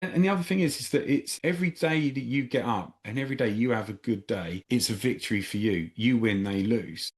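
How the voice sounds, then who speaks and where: A man's voice: medium pitch, a little fast, hardly any pauses. A man hosting a podcast interview who works as a therapist, talking bluntly and directly. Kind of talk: conversational interview.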